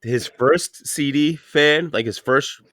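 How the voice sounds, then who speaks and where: A man in his thirties hosts a podcast, talking slowly in a fairly high, fairly bright voice, with no room sound. His storytelling is loose and casual, full of profanity and fillers like "like" and "you know."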